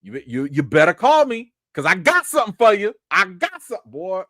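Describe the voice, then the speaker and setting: A man hosts a casual live review and talks straight to his viewers in slang. His voice sits fairly high and swings widely in pitch. The recording is dry and close. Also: big pitch swings, a little fast, sharp tone, no room sound. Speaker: TV series reviewer and live-chat host.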